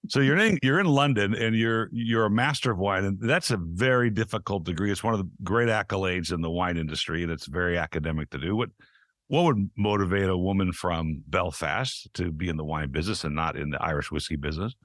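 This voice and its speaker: Brief: american male podcast host, chatty, laughs a lot, lowish voice, dry close sound. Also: fairly quick, fairly bright tone, dry recording. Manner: chatty, laughs often, restarts sentences. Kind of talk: casual interview chat.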